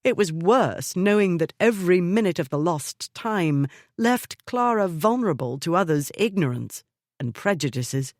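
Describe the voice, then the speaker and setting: A woman narrating a historical romance audiobook in a measured, even storytelling manner. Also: on the low side, dry recording, clean studio sound. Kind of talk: scripted narration of a romance novel.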